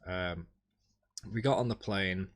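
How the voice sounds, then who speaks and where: Low-voiced man, rambling holiday recap on stream, wry, pitch jumps up when excited, mouse clicking behind. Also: slow. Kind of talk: casual chat recapping a holiday over photos.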